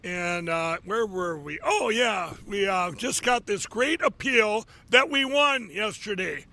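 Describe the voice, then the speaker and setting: A middle-aged man hosting a live show from his office, rambling casually with many fillers and restarts, getting excited as he talks. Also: sits high, takes it slowly. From Minnesota. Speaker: show host. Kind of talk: casual live monologue with ad pitches.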